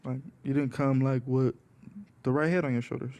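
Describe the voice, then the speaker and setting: A man speaking as a guest on a podcast, calmly explaining himself and repeating his points. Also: mid-range voice, moderate pace. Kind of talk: casual chat.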